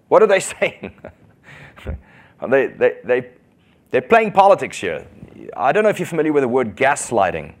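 A man preaching a sermon in an animated way, often putting questions to the congregation. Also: fairly high pitch. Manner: animated, asks the congregation questions, quick bursts.

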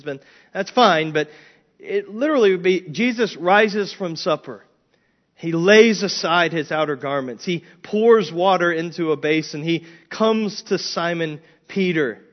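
Male pastor, verse-by-verse sermon, emphatic delivery, muffled recording. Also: high-pitched. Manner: animated, emphatic preaching with frequent restarts. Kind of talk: expository sermon.

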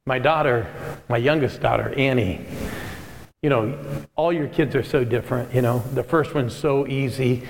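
A middle-aged man preaches with a rousing, animated delivery, urging the congregation on as his voice rings through a large hall with a long reverb. A faint low rumble sits underneath. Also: moderate pace, gravelly, long pauses. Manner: animated, rousing, calls on the crowd. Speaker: pastor. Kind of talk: sermon.

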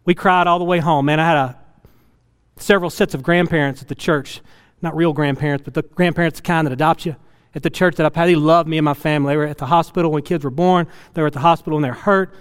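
A middle-aged man preaching a sermon, telling a personal story in an earnest way that swings from loud to hushed and tearful. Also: fairly high pitch, steady tone, fast, clean tone, big-room sound. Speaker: pastor.

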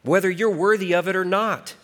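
A man's voice: high-pitched, fairly even intonation, a little fast, fairly bright tone. A man preaching a sermon as pastor, storytelling with his voice rising and falling for emphasis.

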